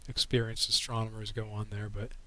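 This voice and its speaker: A man hosting a casual livestream with a frog in his throat. He talks in a relaxed, rambling way and answers viewers' questions with a microphone right at his mouth. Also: fairly low pitch, fairly quick, low-quality recording. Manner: relaxed, rambling, reading chat questions aloud. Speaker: astronomy livestream host. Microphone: microphone held right in front of his mouth.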